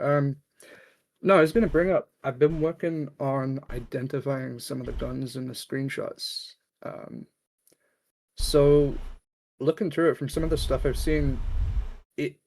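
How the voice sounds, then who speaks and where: A man's voice: medium pitch, a little mellow, slight background noise. Hesitant northern English male caller. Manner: hesitant, many ums. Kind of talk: casual chat.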